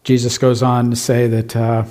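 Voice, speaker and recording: A man's voice: mid-range voice, completely flat delivery, moderate pace, a little mellow. A man preaching a sermon as pastor, emphatic, asking rhetorical questions of his congregation.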